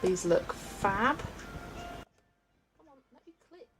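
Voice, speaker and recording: A woman's voice: mid-range voice, big pitch swings, slow pace, over music, low-quality recording. A woman chatting casually on a live stream as she colours, thinking aloud, giggling often, and talking into a webcam mic.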